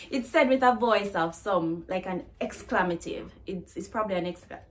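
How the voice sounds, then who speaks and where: A woman's voice: medium pitch, moderate pace, slight background noise. A woman from Jamaica with a Jamaican accent, teaching patois phrases in a chatty, casual lesson and laughing at herself now and then.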